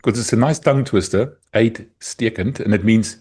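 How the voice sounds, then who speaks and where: A man with a South African accent, co-hosting a casual podcast. His voice is somewhat low and husky, and he talks in a relaxed way, often wry and teasing. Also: a little fast. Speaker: podcast co-host. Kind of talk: casual chat.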